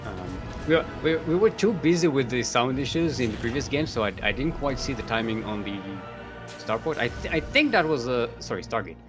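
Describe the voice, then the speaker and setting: A man's voice: medium pitch, animated, a little fast, music in the background. A man casting a live strategy-game tournament, rambling and jokey, chuckling often, with many fillers. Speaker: esports caster.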